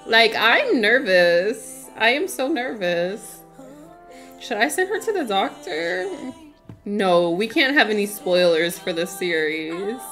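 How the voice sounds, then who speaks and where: A woman's voice: mid-range voice, very animated, slow pace, fairly bright tone, faint music behind. A woman streaming a game in casual, chatty commentary, laughing often and talking to her chat.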